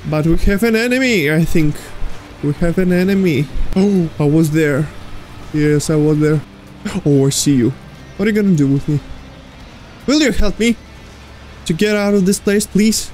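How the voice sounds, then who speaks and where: High-voiced man talking through a horror game. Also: moderate pace, long pauses, a little mellow, soft background music. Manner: talks to the game's creatures, jokey and easily startled. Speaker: gaming streamer. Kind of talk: let's play commentary.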